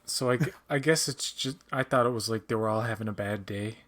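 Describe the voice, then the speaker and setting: A man's voice: fairly low pitch, fairly quick, fairly bright tone. A man from Newfoundland with a light accent, chatting casually as a guest on a fan commentary podcast, rambling and self-deprecating. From Newfoundland, Canada.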